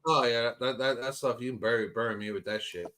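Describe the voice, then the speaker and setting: A man's voice: mid-range voice, fast talker, a bit bright. A man co-hosting a casual podcast chat, rambling through explanations with many fillers and asides. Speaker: podcast co-host.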